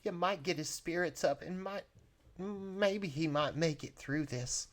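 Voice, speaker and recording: A man's voice: fairly high pitch, measured pace, voice pushed up, natural voice. A man doing a sweet, worried farm girl. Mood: pleading.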